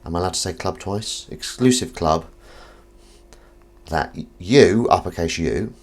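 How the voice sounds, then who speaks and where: A man hosts a relaxed live stream, with a deep, low-pitched voice. He jokes with viewers all the way through, and his delivery is very animated, leaping from loud excited greetings to half-mumbled remarks to himself. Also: unhurried. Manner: playful, jokey, swings between loud greetings and mumbled asides. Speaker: livestream host. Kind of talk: casual live-stream chat.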